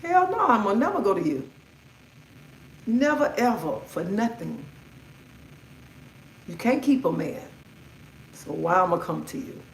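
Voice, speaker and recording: Woman, middle-aged, livestream host, blunt, outspoken, swears freely, mid-pitched, echoey room. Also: very animated, a little slow, creaky, pauses often, slight background noise. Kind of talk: casual livestream rant. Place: indoors at home.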